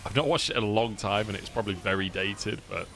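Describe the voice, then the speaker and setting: A man with a British accent casting a live esports match on a casual co-stream, excitable and swearing freely. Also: lowish voice, fast talker, gravelly. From United Kingdom. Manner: excitable, swears freely, laughs between plays. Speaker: esports caster.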